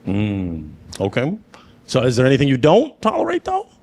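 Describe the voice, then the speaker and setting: A man hosting a dating show with playful, animated energy, stretching words for effect. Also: medium pitch, moderate pace, vocal fry. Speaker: host.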